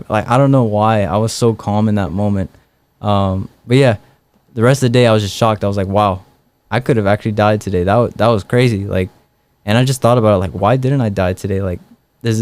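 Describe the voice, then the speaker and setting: A young man with a smooth, clear voice that sits a little low, telling his own stories as a guest in a relaxed interview. He talks loosely, filling gaps with "like" and "um". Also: dry recording. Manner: relaxed, many fillers like "like" and "um". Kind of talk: casual storytelling interview.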